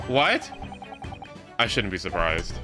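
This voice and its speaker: A man voicing a gloomy, eccentric male detective, reading the game lines slowly and dramatically in a lowered voice. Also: wildly swooping pitch, music in the background, exaggerated voice. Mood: sulking. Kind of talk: live reading of game dialogue.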